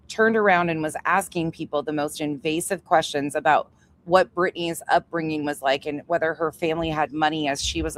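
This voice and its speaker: A woman with a low-pitched voice runs a livestream, talking bluntly and swearing freely as she reacts to clips. Her tone is heated and direct. A faint hum of room noise sits behind her. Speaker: commentary channel host. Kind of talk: livestream commentary.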